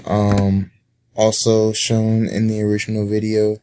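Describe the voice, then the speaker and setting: A man talking through a coding tutorial in a relaxed way, with frequent ums and uhs. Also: lowish voice, measured pace, clear, resonant tone, no room sound. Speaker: instructor. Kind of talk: screen-recorded coding tutorial.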